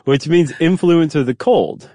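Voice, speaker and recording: A man's voice: fairly high pitch, unhurried, dark tone, dry recording. A man hosting a podcast, explaining facts in casual chat with fillers and restarts. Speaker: podcast host.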